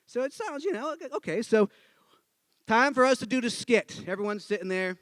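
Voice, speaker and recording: A man's voice: very high voice, brisk, dry recording. A man from the northeastern United States telling a personal story live, acting out the people in it. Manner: animated, acts out every character in the story. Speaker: storyteller speaking to an audience.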